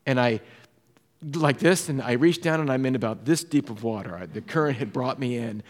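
A man from Southern California preaching a sermon, telling personal stories and often dropping to a soft hush to drive a point home. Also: medium pitch, lively intonation, a little fast. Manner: storytelling, drops to a soft hush for emphasis. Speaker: pastor. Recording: echoey hall reverb.

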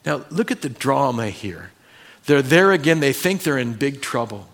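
Expressive male pastor preaching. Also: medium pitch, moderate pace, creaky. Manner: expressive, swings from loud emphasis to hushed tones. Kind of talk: sermon. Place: church sanctuary.

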